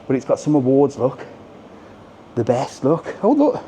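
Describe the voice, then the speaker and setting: A man's voice: mid-range voice, big pitch swings, a little slow, mellow. Chatty man vlogging while walking outdoors. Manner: chatty, cheeky, talks straight to viewers and reads their messages. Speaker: travel vlogger on a live walking stream. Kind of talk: casual live-stream walking commentary. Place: outdoors on resort streets. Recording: faint outdoor street noise. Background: faint street and traffic noise.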